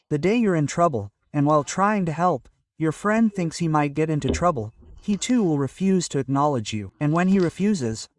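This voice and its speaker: A man from India giving an emotional sermon to a gathering, impassioned, repeating his phrases and building to fervent appeals. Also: fairly high pitch. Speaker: preacher. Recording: distant mic with loud crowd noise. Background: crowd.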